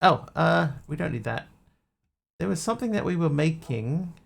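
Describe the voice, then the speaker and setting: A man's voice: fairly high pitch, animated, moderate pace, creaky. A man streaming a game, rambling and talking to himself as he plays. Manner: rambling, talks to himself while playing. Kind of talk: casual gameplay commentary.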